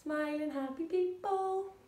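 A woman, an encouraging fitness instructor who leads a seated warm-up with cheery whoops. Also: very high voice, slow. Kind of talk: leading a seated exercise warm-up. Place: indoor room, seated on a chair. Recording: echoey room.

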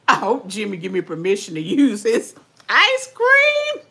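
An older woman chats with her viewers in a folksy, talkative way, sometimes with her mouth full. Her voice is bright and swings widely in pitch. She talks slowly and takes her time. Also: wildly swooping pitch, creaky. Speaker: vlogger. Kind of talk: casual livestream chat while eating.

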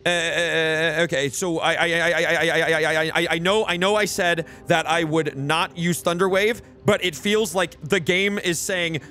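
A young man streaming a video game, excitable and profane, laughing often and yelling at the game and chat. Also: fairly high pitch, normal speed, hardly any pauses, soft background music. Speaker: streamer, gameplay host. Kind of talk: live game commentary.

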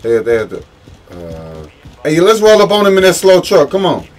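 A man chatting casually while playing a video game, excitable and ranting in slangy, profane complaints. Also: a little high, normal speed. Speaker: gamer. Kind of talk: casual gameplay chat. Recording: noisy game and vehicle sounds behind.

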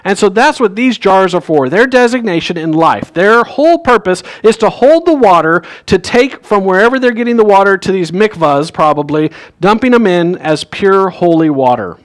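A man's voice: sits high, animated, normal speed, hardly any pauses. A male pastor giving a sermon in a church, telling a story in a casual way and acting out the characters' lines. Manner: conversational storytelling, acts out quoted lines. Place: church sanctuary.

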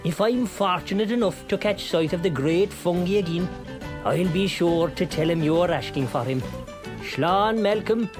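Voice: mid-range voice, moderate pace, music in the background, close to an everyday voice. Someone doing a boastful fisherman. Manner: rambling yarn-spinning, bursts into song. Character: boastful Kerry fisherman, tall-tale teller.

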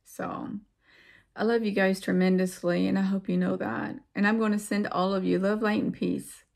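A woman vlogger talking casually and earnestly to her viewers. She rambles and reflects, repeats words for emphasis, and drifts into pauses. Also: mid-range voice, little pitch movement, creaky, darkish tone. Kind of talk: casual heartfelt monologue to viewers.

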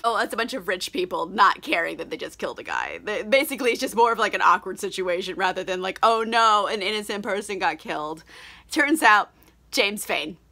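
A woman's voice: mid-range voice, big pitch swings, brisk, sharp tone. A tipsy woman recapping a book in a chatty, casual way, laughing often and swearing freely. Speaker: book reviewer.

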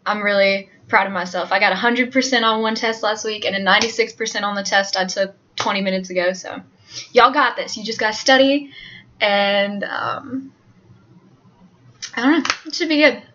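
A young woman, a student, chatting casually and self-deprecatingly to her viewers, her voice a bit hoarse. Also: medium pitch, fairly even intonation, normal speed, a bit bright, highs cut off, a little hiss or hum. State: voice hoarse and under strain. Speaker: student vlogger.

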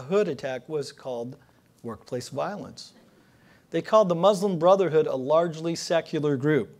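A man's voice: fairly high pitch, darkish tone. A man giving a public lecture, telling jokes with dry storytelling and building each one to its punchline. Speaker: political cartoonist giving a lecture. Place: lecture hall before an audience.

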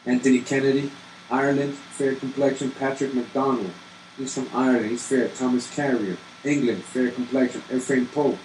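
A man's voice: mid-range voice, fairly even intonation, moderate pace, a little mellow. A man reading colonial muster rolls aloud and challenging viewers with rhetorical questions. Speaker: genealogy video host. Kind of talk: reading records aloud with commentary. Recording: echoey room with faint air-conditioning hum.

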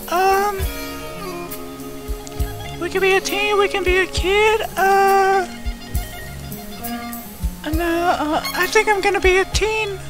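In a staged gameplay commentary skit, a performer voices an eleven-year-old boy trying a game for the first time, rambling with lots of uhs and getting shocked easily. The voice is very high and the audio quality is poor.

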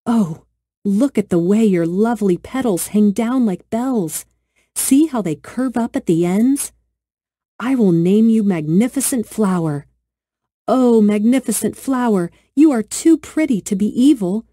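A woman's voice: medium pitch, animated, unhurried, dark tone, no room sound, clean studio sound, voice pushed up. A woman voicing a timid little girl who talks nervously and pleads, in a storybook reading. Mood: nervous pleading.

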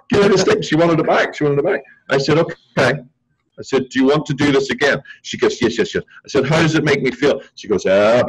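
A man's voice: medium pitch, slightly rough, low-quality recording. A man, a martial arts instructor and guest, telling a story in a casual talk show chat and acting out the people in it. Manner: animated storyteller acting out quotes.

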